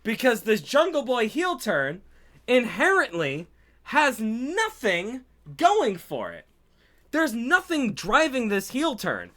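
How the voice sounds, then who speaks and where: A man rants about a wrestling show in casual commentary, sarcastic and full of profanity. His voice is high and bright. He talks at an unhurried pace, with wide, lively swings in pitch.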